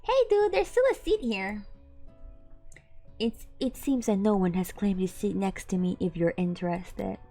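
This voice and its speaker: A woman's voice: mid-range voice, lively intonation, measured pace, warm tone, soft background music. A woman voicing an eager, friendly classmate who is inviting someone to sit down.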